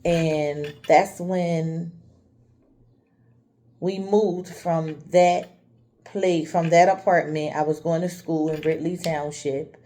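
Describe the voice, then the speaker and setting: A woman's voice: low voice, fairly even intonation, slow, dark tone. A woman from the Chester, Pennsylvania area telling her own life story candidly and speaking straight to her viewers. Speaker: vlogger. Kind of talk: personal storytelling vlog.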